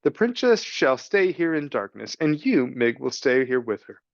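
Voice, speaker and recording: A man's voice: medium pitch, big pitch swings, vocal fry, no room sound, highs cut off. A man voicing a sneering villainous rat. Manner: cold, sneering, slow and deliberate. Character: cruel scheming male rat villain. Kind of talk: storybook reading.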